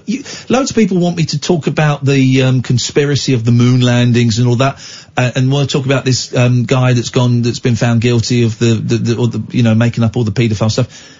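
A man hosts a talk radio show, telling stories with a husky, rough-edged voice. His pitch leaps about as he acts out the people in them. The sound is dull and lo-fi, like an old radio broadcast. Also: darkish tone. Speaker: radio phone-in host. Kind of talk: casual talk radio storytelling.

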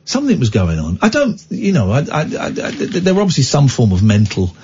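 A radio phone-in host tells a story in a casual talk-radio style, acting out the people in it like a lively storyteller. His mid-range voice moves a little fast. The lo-fi broadcast sounds dull, with a little hiss or hum.

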